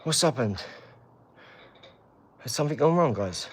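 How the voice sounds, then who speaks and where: A man's voice: mid-range voice, lively intonation, measured pace, slight background noise. A man hosting a live stream, chatting casually to viewers and telling stories, calling them mate and geezer. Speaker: livestream host. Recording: echoey room, mic at a distance.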